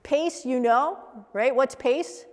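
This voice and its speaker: A woman leading a coaching workshop for a live group, animated and acting out example voices as she teaches. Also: high-pitched, takes it slowly. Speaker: coach trainer. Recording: echoey hall reverb.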